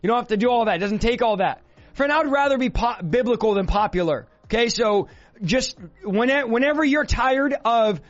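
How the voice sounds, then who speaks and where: A male preacher delivering a fervent sermon, often shouting. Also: very high-pitched, fairly quick. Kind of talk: fiery sermon. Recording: dull lo-fi sound with faint music.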